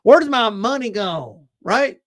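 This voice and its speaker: A man doing a rough impression of a puzzled male boxer, in a mock-plaintive, drawn-out way. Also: extremely high pitch, expressive, fairly bright tone, exaggerated voice. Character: puzzled male boxer asking about his pay.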